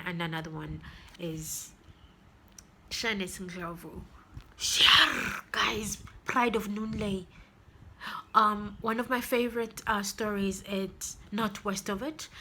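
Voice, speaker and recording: A woman with a Zimbabwean accent giving an excitable, gushing book review vlog, with laughing, breathless asides. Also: mid-range voice, a little hiss or hum.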